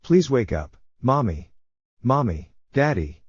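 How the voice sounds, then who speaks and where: A man's voice: medium pitch, very animated, takes it slowly, dry recording, voice pushed up. A man voicing a small frightened boy who turns into a kitten, pleading and sobbing through a dull, dry recording. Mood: desperate.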